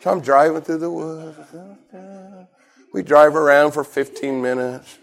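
Speaking a little slowly in a gravelly, fairly high voice, a middle-aged pastor delivers a sermon built around a lively personal story. His retelling bursts with shouts and laughter before rising into forceful, repeated declarations.

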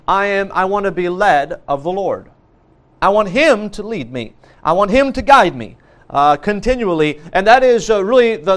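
A man preaching a sermon, earnest, repeating key phrases with frequent restarts and fillers. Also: high-pitched.

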